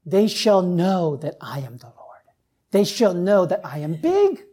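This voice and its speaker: A man preaching a sermon as pastor, repeating phrases and asking the congregation "right?", swinging from near shouts down to low, quiet lines. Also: big pitch swings, a little slow.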